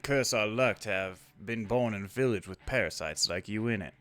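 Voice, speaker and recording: A man's voice: lowish voice, moderate pace, fairly bright tone, close to an everyday voice. A man reading game dialogue aloud, voicing a spiteful, hostile masked male villager who sneers and accuses.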